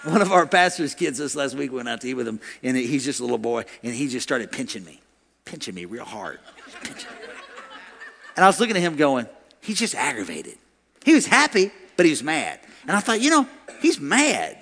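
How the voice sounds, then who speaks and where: A male pastor preaching a sermon, animated and laughing, acting out quoted voices. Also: mid-range voice, brisk, gravelly, big-room sound.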